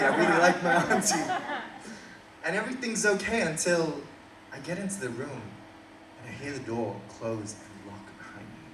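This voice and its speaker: A young adult man with an Australian accent does a stand-up set in a small indoor coffee shop, telling a story and working the crowd. His voice sits on the high side. The live recording is roomy and distant, with room ambience, audience laughter, and background noise.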